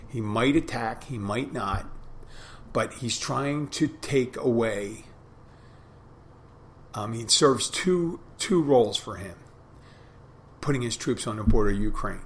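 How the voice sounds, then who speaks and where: A man's voice: medium pitch, takes it slowly, pauses often, slight background noise. A middle-aged man hosting a podcast, talking through a reflective, rambling monologue with frequent restarts. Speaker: podcast host. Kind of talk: casual monologue.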